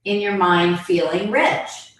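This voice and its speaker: A woman's voice: fairly low pitch, slow. A woman hosting an interview, mostly chiming in briefly to agree with her guest. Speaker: host. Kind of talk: interview chat. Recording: distant, very echoey mic.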